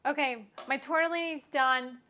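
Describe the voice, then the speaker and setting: A woman's voice: high-pitched, fairly even intonation, normal speed, sharp tone, highs cut off, slight background noise. A woman hosting a casual home cooking vlog, talking in a bubbly, chatty way into a clip-on mic. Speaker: home cook host.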